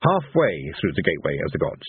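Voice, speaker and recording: A man narrating a fantasy audiobook in an expressive, storytelling manner. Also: rumbling low, fairly quick, husky, no echo. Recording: tinny phone-like sound.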